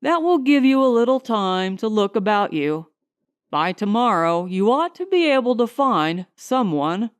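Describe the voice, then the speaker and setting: A woman voicing a calm, polite male householder in close to her own voice. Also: mid-range voice, a little slow, clear, resonant tone, no echo. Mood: courteous.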